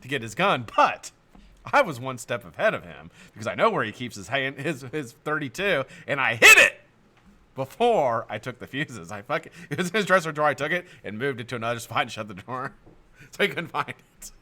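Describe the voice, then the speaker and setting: This middle-aged live-stream host has a mid-range voice and talks fairly fast, casually recounting stories to his chat. He laughs often, swears without restraint, and stays animated throughout.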